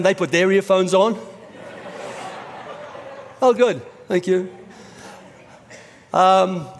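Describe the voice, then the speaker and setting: Male pastor, middle-aged, high-ish voice, chatty storytelling sermon, echoing hall. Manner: conversational storytelling preaching. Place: church auditorium. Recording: reverberant church hall.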